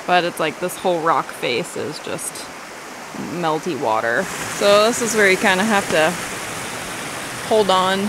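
A woman's voice: on the low side, measured pace, long pauses. A young woman from Missouri narrating a casual hiking vlog, chatty and giggly with casual swearing, hiccupping as she talks. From Missouri, USA. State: has the hiccups. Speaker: vlogger. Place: outdoors on a creek trail in the woods. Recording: outdoor camera audio with stream noise. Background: flowing creek water.

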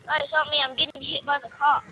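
A young person playing along in casual game voice chat, hesitant and giving short answers. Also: male voice, extremely high pitch, level tone, quick pace, pushed and bright, lo-fi sound. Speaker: player.

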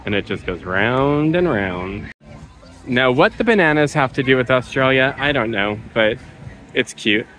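A woman's voice: very deep voice, expressive, unhurried, fairly bright tone, poor audio. A woman vlogging a family day at an outdoor zoo, playfully teasing and chatting with her kids. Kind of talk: casual family vlog chat.

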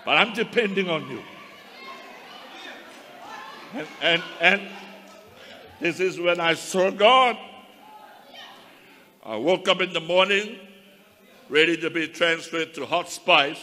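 A male minister preaching a fervent testimony with a bright, ringing, fairly high voice. He speaks slowly and deliberately to the congregation, and his voice carries a long hall reverb. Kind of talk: testimony sermon.

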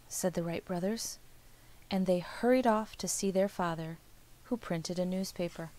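A woman reading a children's story aloud in a gentle, clear storytelling manner. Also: lowish voice, moderate pace.

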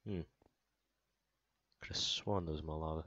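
A man's voice: rumbling low, fairly even intonation, normal speed, a bit bright, no echo, dull audio. A man hosting a gaming channel, narrating his own moves in a playful let's play commentary with sound effects.

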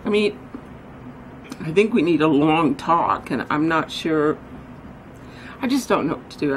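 A woman chats casually on her vlog, rambling and self-deprecating as she runs errands and then settles in at home. Her low-pitched voice moves at a normal speed with frequent pauses, on a rough recording with slight background noise.

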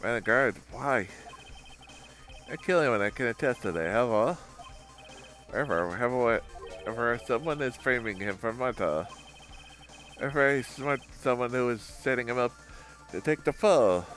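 A man voicing a cold, calculating male kidnapper in a video game, speaking slowly and menacingly. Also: mid-range voice, expressive, fairly bright tone, faint music behind, natural voice.

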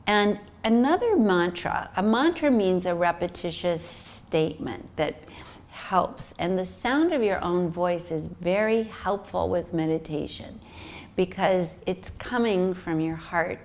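A woman's voice: fairly low pitch, lively intonation, a little slow, darkish tone. A middle-aged woman teaching meditation, talking soothingly and demonstrating breaths and sighs aloud. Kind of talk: guided meditation instruction.

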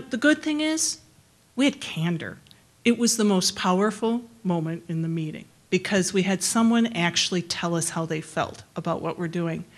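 A middle-aged woman giving a conversational presentation to a forum as a public health researcher, plain-spoken and friendly, laughing easily between points. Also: lowish voice.

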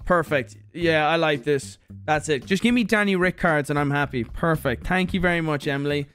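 Animated streamer with a lightish voice. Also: male voice, a little high, moderate pace, faint music behind. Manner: animated, swears freely, reads viewer letters aloud. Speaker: streamer host. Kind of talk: casual livestream unboxing chat.

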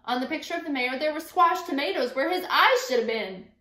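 A woman's voice: high voice, expressive, a little fast, pushed and bright. A woman teacher expressively reading a picture book aloud and interjecting to her class. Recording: echoey room.

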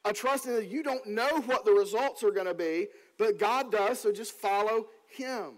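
High-voiced pastor preaching earnestly. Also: male voice, poor audio. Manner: earnest storytelling, slows down on scripture. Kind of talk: sermon.

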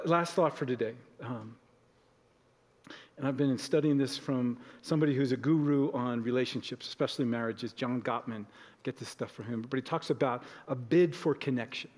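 A man's voice: on the high side, a little mellow, in a large hall. A male pastor giving a conversational sermon in a church, sometimes acting out short everyday exchanges. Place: church sanctuary.

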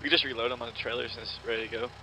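A man's voice: mid-range voice, fairly even intonation, racing, bright, forceful tone, slight background noise, low-quality recording. A man chatting as a fellow player in a multiplayer game session, speaking matter-of-factly and sharing facts. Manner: matter-of-fact, informative. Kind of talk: casual gameplay chat with friends.

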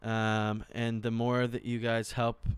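A young man, a singer, chatting casually with viewers at the end of his live stream in a relaxed, thankful way. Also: mid-range voice, takes it slowly, clean tone, no echo.

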